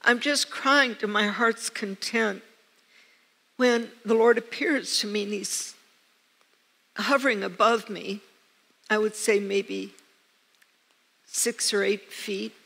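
A woman preacher telling a personal story to her congregation in an earnest way, with soft laughs along the way. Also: mid-range voice, steady tone, takes it slowly, gravelly, pauses often, slightly rough. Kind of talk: sermon. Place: church hall. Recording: church hall reverb.

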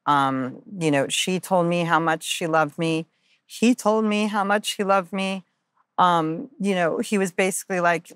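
A woman's voice: fairly low pitch, a little slow, clear, resonant tone, dry recording, clean studio sound. A woman guest on a podcast telling a personal story candidly and earnestly, with many ums and uhs, and acting out the lines of people in it. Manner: earnest, lots of ums and uhs, acts out quoted dialogue.

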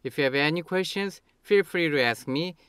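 A man's voice: fairly high pitch, normal speed, fairly bright tone, smooth, no echo. A man from Korea, a language teacher explaining grammar and acting out example phrases with big swings in tone.

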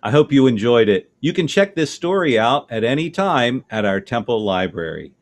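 A man, a cantor, reading a bedtime story aloud with lively, expressive delivery, jumping into high excited voices for the characters' lines. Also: normal speed, no echo. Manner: jumps into high excited voices for family members' quotes.

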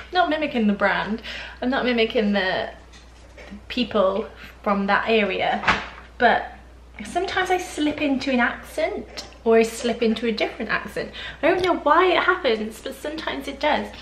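A woman's voice: on the high side, lively intonation, a little slow, fairly bright tone, slight background noise. Chatty young woman vlogging. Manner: chatty, giggly, rambling with asides. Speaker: lifestyle vlogger. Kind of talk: casual chatty haul vlog. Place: home living room, on the sofa.

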